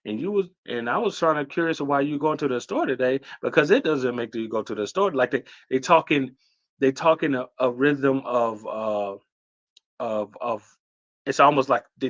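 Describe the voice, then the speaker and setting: A man hosting a casual livestream Q&A, talking loosely and with hype, with lots of fillers and shout-outs to viewers. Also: mid-range voice, highs cut off. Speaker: host.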